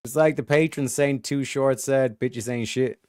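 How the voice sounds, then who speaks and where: A man hosting a show, giving a blunt, profane and animated commentary rant. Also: mid-range voice, measured pace, no room sound, studio quality. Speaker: show host.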